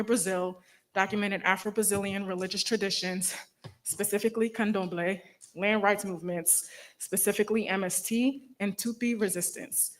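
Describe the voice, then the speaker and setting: A woman moderating a symposium, reading speaker introductions in a steady, measured way. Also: mid-range voice, poor audio.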